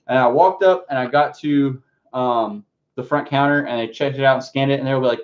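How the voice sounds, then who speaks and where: A man's voice: mid-range voice, fast. A man chatting casually on a live stream as he unboxes his music books, rambling and swearing freely as he answers the chat. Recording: dull lo-fi stream audio.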